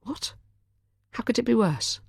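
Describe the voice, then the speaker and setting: A woman's voice: a little high, expressive, unhurried, creaky, darkish tone, breathy edge, dry recording, clean studio sound, voice pushed up, heavily acted. A woman voicing an anxious, caring young woman in an audiobook, with urgent, rising questions in a raised voice. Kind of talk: audiobook character voice.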